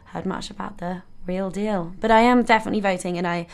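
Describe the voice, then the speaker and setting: A woman's voice: mid-range voice, steady tone, fairly quick, clear, resonant tone. A young woman, a first-year university student, talking earnestly and enthusiastically as a guest on a radio show, with frequent light laughs. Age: young adult. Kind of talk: casual radio chat. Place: radio studio.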